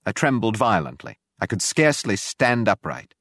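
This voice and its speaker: Grave low-voiced male narrator. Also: very animated, normal speed, creaky, fairly bright tone, dry recording, studio quality. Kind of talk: audiobook narration.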